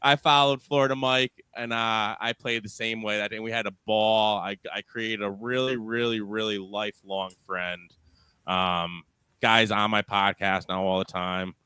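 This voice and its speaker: A man hosting a podcast, talking in casual, excitable banter with some swearing and teasing. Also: on the low side, unhurried, clear, resonant tone, dry recording. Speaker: podcast host. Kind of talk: casual chat.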